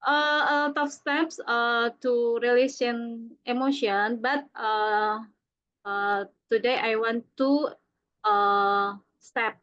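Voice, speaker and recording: A woman with an Indonesian accent speaks slowly in a high voice, hesitating often. She presents over a video call with dull, lo-fi audio. She sounds like a learner working through a second language. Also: steady tone, a bit bright. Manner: hesitant, many fillers. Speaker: student presenter.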